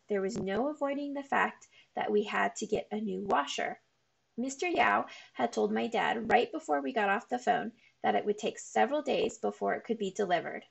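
Gravelly woman reading a chapter book. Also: mid-range voice. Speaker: children's book reader.

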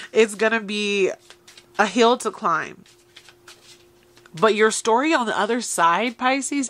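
Bright-toned woman reading tarot. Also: fairly low pitch. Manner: encouraging, addresses listeners directly. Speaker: tarot reader. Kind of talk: tarot reading addressed to viewers.

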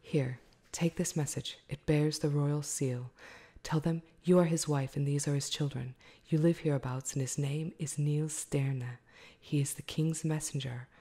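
A woman in a whispered role-play voicing a commanding wild man in a wolfskin cloak, stern and authoritative, in a low, mellow voice. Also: fairly even intonation, unhurried.

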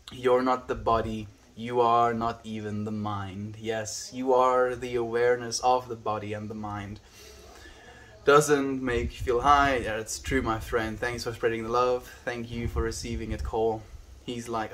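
On a windy day outdoors, a South African livestreamer whose first language is Afrikaans reads the live chat aloud in a relaxed way and calls everyone his friend. His voice is medium in pitch and slightly bright.

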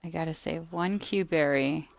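A woman's voice: low voice, moderate pace, vocal fry, dry recording. A woman giving casual gameplay commentary, chatting to the game's creatures and scolding them playfully. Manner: chatty, talks to the game creatures, mock-scolding, drops to murmurs. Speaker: gameplay video maker.

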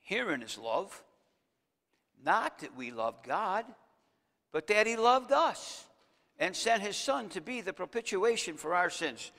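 Male pastor, sermon delivery, bright forceful tone, slightly higher pitch, long church reverb. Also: big pitch swings, a little slow. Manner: preaching with rising emphasis, addressing the congregation directly. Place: church sanctuary.

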